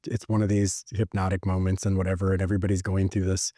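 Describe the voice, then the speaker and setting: A male podcast host tells stories casually and keeps the talk animated, with frequent fillers along the way. His voice is low and mellow, and the recording is dry. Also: quick pace, no room sound. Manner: animated storyteller, many fillers. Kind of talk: casual conversation.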